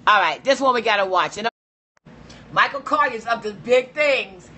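Bright-voiced woman hyping her stream. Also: a little high, normal speed, a little hiss or hum. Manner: excited, hyping, urging viewers. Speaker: livestream host. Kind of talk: casual livestream chat.

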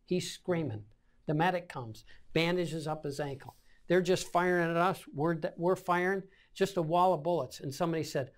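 A man's voice: fairly high pitch, moderate pace. An older man in his seventies tells his war stories as a veteran being interviewed. He talks in a vivid way and acts out each scene with his own gunfire and explosion sounds. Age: 70s. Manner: vivid storyteller acting out scenes with sound effects. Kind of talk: oral-history war recollection.

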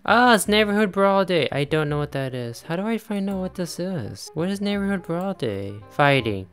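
A man's voice: high voice, very animated, moderate pace, a bit bright, smooth, soft background music. Chatty man narrating a life-sim game. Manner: chatty, laughs often, talks to game characters. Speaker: gaming YouTuber. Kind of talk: casual let's-play commentary.

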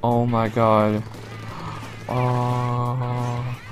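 Excitable young man, slow, gasping and swearing. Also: mid-range voice, soft background music. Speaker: reaction streamer. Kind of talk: live reaction commentary.

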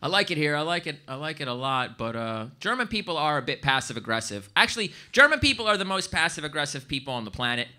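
An American man doing stand-up comedy on stage, animated and bursting into loud, shouted impressions. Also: fairly high pitch, quick pace, hardly any pauses. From United States. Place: stage before a live audience.

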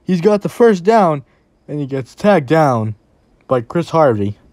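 A play-by-play commentator calling a game at an unhurried pace. The pitch swings widely, from steady, low calls on each snap up to excited shouts on the big plays. The sound is dry and close, with no room echo.

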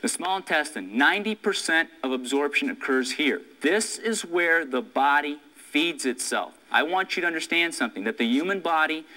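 A man's voice: fairly high pitch, animated, moderate pace, hardly any pauses, bright, forceful tone, poor audio. A man teaching a lecture class, stressing his points and asking and answering his own questions. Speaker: instructor.

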